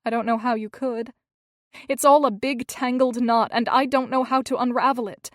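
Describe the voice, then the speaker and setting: A woman's voice: a little high, normal speed, no echo, clean studio sound, lightly acted. A woman voicing a tearful young woman with a troubled past in an audiobook, earnest and pleading.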